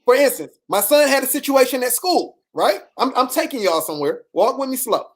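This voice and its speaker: A woman's voice: sits high, sing-song, fairly quick. A woman, telling a personal story in a casual, preachy way, repeating questions and acting out the people she quotes.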